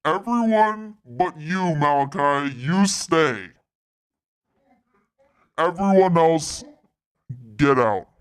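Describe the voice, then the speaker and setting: A woman voicing a menacing male warrior in a tabletop game, giving slow, threatening commands. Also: sits low, lively intonation, smooth, heavily acted.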